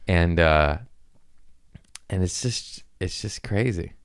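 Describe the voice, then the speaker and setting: A deep-voiced male comedian rambles through a loose, profane monologue on his podcast. His voice is low and smooth, and he keeps chuckling at his own jokes. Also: slow pace.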